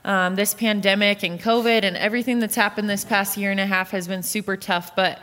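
A woman's voice: mid-range voice, fairly even intonation, a little fast, fairly bright tone. A woman in her late twenties, a youth pastor, answering interview questions in an earnest, candid way. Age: late 20s. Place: church auditorium stage. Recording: long reverb of a large hall.

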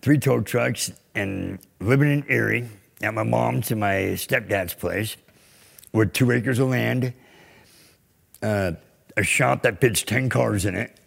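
A man's voice: medium pitch, slow pace. A man sharing his testimony as a guest, plain and folksy in casual chat. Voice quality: gravelly, husky.

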